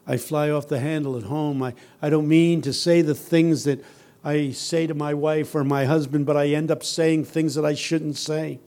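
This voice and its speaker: A man giving a sermon as a guest preacher, telling humorous stories that build from quiet, earnest passages to loud, shouting ones. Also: on the high side. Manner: humorous, teasing the audience.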